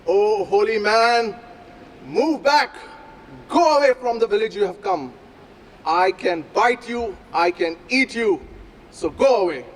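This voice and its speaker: A man voicing a male cobra snake in a told story, speaking in loud, hurried threats. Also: high voice, long reverb tail, low-quality recording. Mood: threatening.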